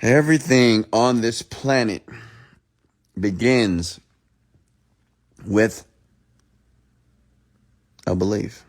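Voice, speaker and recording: Talking extremely slowly with long pauses, the mentor's voice on the low side carries his late-night motivational rant. He speaks directly to listeners, repeating phrases and swinging from loud pleading to a soft, close hush.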